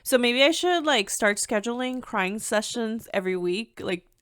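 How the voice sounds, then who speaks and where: A young adult woman hosting her own podcast, talking in a candid, animated, chatty way with plenty of "like" fillers. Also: a little high, normal speed, clean tone, dry recording, clean studio sound. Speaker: podcast host. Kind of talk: casual personal podcast monologue.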